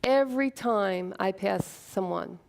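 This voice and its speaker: A woman telling a personal story on stage, earnest and emotional, with dramatic pauses. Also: medium pitch, creaky. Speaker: speaker at a short talk event.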